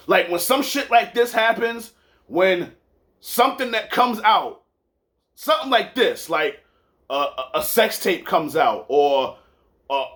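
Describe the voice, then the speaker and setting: A man's voice: high-pitched, a bit bright. A man hosting a casual sports podcast, telling stories loosely with repeats and some swearing. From New York. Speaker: podcast host.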